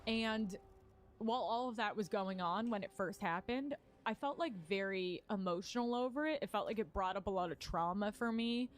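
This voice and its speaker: A woman's voice: medium pitch, normal speed. A woman comedian telling a candid personal story in casual talk, rambling with many fillers and some swearing. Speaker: stand-up comedian.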